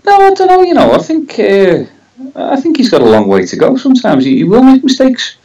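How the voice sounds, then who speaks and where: A man's voice: very high-pitched, wildly swooping pitch, a little fast, warm tone, breathy edge, muffled recording. A man with a Scouse accent, co-hosting a casual football podcast, hesitant and full of tag questions. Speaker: podcast co-host.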